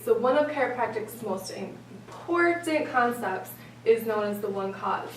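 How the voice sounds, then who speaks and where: Higher-voiced woman in an echoey room. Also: distant mic, slight background noise. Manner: measured, explaining. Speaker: presenter. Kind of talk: explanatory presentation.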